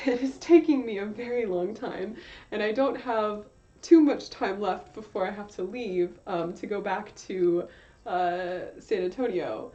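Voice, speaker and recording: A woman's voice: medium pitch, unhurried, dark tone. A young woman chatting casually on her art livestream, rambling with lots of fillers and correcting herself as she goes. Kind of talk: casual livestream chat while drawing. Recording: slightly dull lo-fi stream audio.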